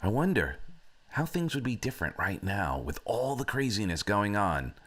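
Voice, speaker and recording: A man's voice: on the low side, very animated, moderate pace, a bit bright. A man hosting a motivational talk, telling a story in a conversational, reflective way. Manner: conversational, reflective, with frequent fillers. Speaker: host.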